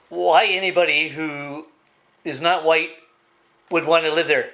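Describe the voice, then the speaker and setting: Rambling, bright-voiced man ranting. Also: on the high side, steady tone. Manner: rambling and halting, full of "uh" and restarts; blunt, opinionated ranting. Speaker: vlogger. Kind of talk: casual monologue to camera.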